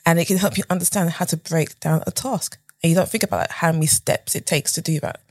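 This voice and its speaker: A young adult woman from the UK, a podcast guest telling a lively story and acting out what people said. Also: fast talker, dry recording. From United Kingdom. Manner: animated storyteller, acts out quotes with big pitch jumps and whispers. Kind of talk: casual storytelling interview.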